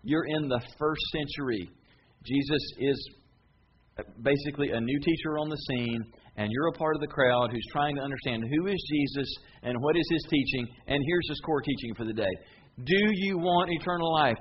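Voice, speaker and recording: A man's voice: medium pitch, expressive, moderate pace, lo-fi sound, slight background noise. A man preaching a sermon, retelling a story in a folksy, conversational way. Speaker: pastor.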